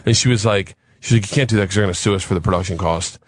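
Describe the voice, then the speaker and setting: A man casually telling a story on a talk show, swearing freely and shouting out the lines he quotes. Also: sits low, very fast, dry recording, studio quality.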